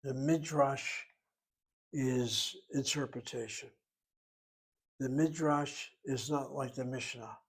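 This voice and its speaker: A man teaching Hebrew in a relaxed lecture, explaining terms patiently and asking rhetorical questions along the way. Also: mid-range voice, slow pace, long pauses, husky.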